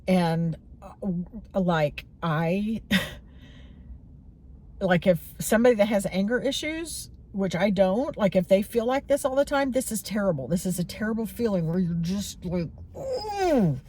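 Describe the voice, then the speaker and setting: A woman's voice: medium pitch, measured pace, a little mellow. A woman in her forties talking candidly and rambling a little as she reflects on her own feelings in a personal vlog. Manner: candid, rambling, many fillers and restarts. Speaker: vlogger.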